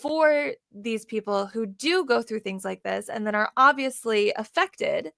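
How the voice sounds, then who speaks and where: A woman as an interview guest in a casual conversation, agreeable, giggly and quick to affirm. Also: a little high, vocal fry, sharp tone, no echo, clean studio sound.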